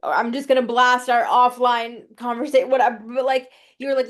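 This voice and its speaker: A woman guest joins a podcast over a video call, her voice a little high. She speaks reflectively and thoughtfully in a relaxed, chatty way, often reaching for casual fillers. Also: a little fast, hardly any pauses.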